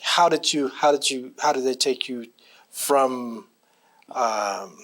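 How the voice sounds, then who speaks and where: A man's voice: medium pitch, takes it slowly, a bit bright. A man interviewing for an oral history, asking probing follow-up questions and giving brief acknowledgments.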